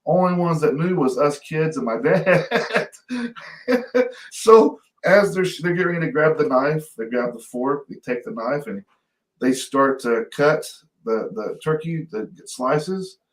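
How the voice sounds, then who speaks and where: A man co-hosting a talk show, telling a family story in a lively, laughing way and mimicking his relatives. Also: fairly high pitch, unhurried. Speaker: podcast co-host. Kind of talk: casual storytelling. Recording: echoey room, off-mic.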